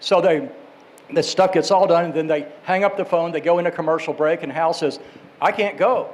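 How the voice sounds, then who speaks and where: A man casually telling a long anecdote, wandering with asides and quick self-corrections. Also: fairly high pitch, fairly even intonation, darkish tone, rough recording. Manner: rambling, with restarts and asides. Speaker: storyteller.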